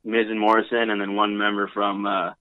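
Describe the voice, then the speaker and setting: A man's voice: on the low side, completely flat delivery, fairly quick, no echo, narrow, tinny audio. A young man in his twenties, a wrestler guesting on a podcast, rambling casually with lots of fillers. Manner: loose, rambling, heavy on fillers.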